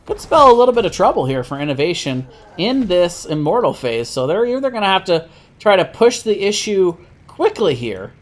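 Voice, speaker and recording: A man doing live play-by-play commentary on an esports match, steady with frequent self-corrections. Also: high voice, moderate pace. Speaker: esports caster.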